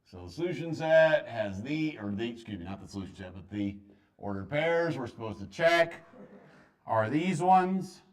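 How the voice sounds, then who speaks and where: A man's voice: medium pitch, lively intonation, normal speed. A man teaching a math class to students, talking in a joking, offhand way.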